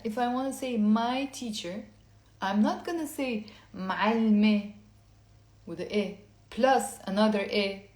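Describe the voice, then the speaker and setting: Woman teaching slowly in an echoey room. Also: medium pitch, darkish tone. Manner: explains step by step, repeats words slowly for learners. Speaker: Lebanese Arabic teacher. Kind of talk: online language lesson.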